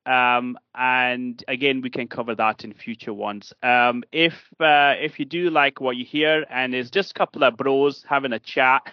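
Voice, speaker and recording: A man's voice: mid-range voice, fairly even intonation, normal speed, few pauses, smooth, dry recording. A man hosting a casual podcast chat, speaking hesitantly with many fillers and restarts. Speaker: podcast host. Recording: dull lo-fi dry sound.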